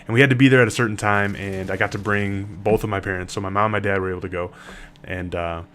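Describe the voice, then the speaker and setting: A man's voice: lowish voice, fairly even intonation, fast talker, fairly bright tone, a little hiss or hum. A middle-aged man, telling a rambling personal story in a casual vlog. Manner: laid-back, rambling, many fillers. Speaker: vlogger.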